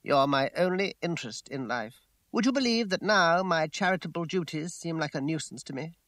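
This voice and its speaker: A man doing a smooth, pleading gentleman suitor. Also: on the high side, expressive, no room sound. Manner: earnest, coaxing, sometimes slow. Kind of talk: audiobook character voice.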